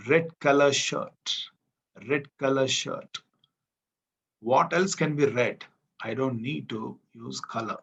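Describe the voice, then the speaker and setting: A man's voice: mid-range voice, takes it slowly, creaky, pauses often, slightly rough, dull audio. A man with an Indian English accent teaching an English grammar class, asking the class questions and repeating his points. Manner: explains with repetition and questions to the class. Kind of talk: classroom lecture.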